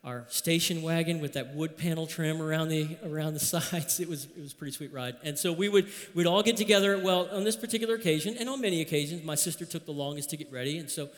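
A man preaching a sermon as pastor, telling a personal story in a relaxed, conversational way. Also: on the high side, fast talker, hardly any pauses, in a large hall.

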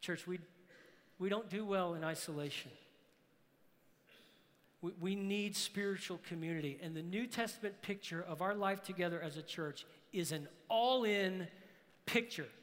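A man with a high, bright, ringing voice preaches to his church, pressing his points with emphatic bursts that climb toward shouts. His words roll out into a long hall reverb. The sound is that of a large sanctuary. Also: normal speed. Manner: emphatic preacher, rises to shouts on key phrases. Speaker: pastor. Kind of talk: sermon.

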